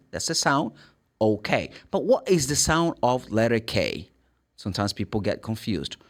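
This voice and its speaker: A man's voice: on the low side, sing-song, moderate pace, fairly bright tone. A man with a Brazilian Portuguese accent teaching English pronunciation, spelling out letters and sounding them out. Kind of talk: pronunciation lesson.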